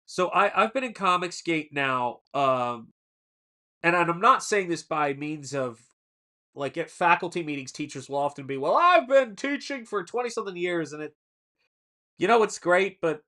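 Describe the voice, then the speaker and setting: Bright-voiced man in his forties rambling. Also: on the high side, moderate pace. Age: 40s. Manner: rambling storyteller who answers chat mid-story. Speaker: artist hosting a live stream. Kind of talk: casual live-stream chat.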